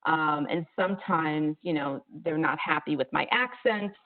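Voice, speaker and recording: A middle-aged woman tells a family anecdote, chatty and full of fillers. Her voice sits somewhat low. The audio is narrow like a phone call. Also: moderate pace. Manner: warm, chatty, many fillers. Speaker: audiobook producer. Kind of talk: casual storytelling on a video call.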